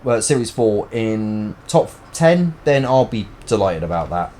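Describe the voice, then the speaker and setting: A man with a fairly low, slightly mellow voice chats slowly but with animation, rambling and joking while he live-streams a video game. There's a little background noise in this casual gameplay stream talk.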